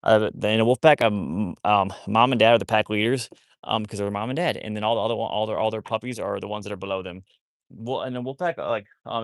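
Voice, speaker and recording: A man's voice: fairly low pitch, quick pace, no echo, clean studio sound. A man hosting a casual livestream about rescuing wolfdogs, rambling with many restarts while he talks to his dogs.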